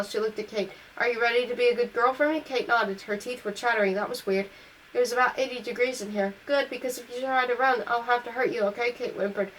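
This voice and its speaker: Female amateur audiobook reader, fairly high pitch, self-corrects. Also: fast talker, a bit bright, slight background noise, poor audio. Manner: reads on through slips and self-corrections. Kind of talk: amateur novel reading.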